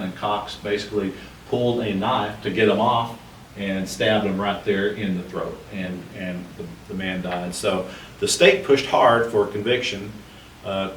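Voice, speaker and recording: This fairly low, fairly bright voice belongs to a man who co-hosts a podcast and researches history. He discusses the Old West in a relaxed way, often using fillers and restarting sentences, picked up by a distant mic in a roomy space with faint noise.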